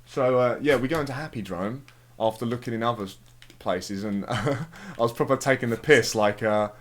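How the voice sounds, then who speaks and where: A man's voice: medium pitch, moderate pace. A young man, chatting casually over a game and telling a rambling, sweary story full of fillers. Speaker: let's play commentator. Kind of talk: casual chat over gameplay.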